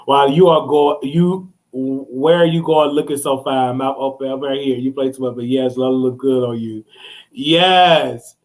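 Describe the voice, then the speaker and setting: A man hosting a casual live stream, excitable and chatty, breaking into shrieks and repeated exclamations as he talks to viewers. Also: mid-range voice, unhurried. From Texas. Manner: chatty, addresses viewers directly.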